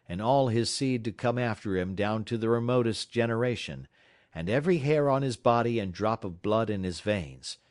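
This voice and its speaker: A man reading a novel aloud as an audiobook narrator, measured and dramatic, dropping low at tense moments. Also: dry recording, clean studio sound.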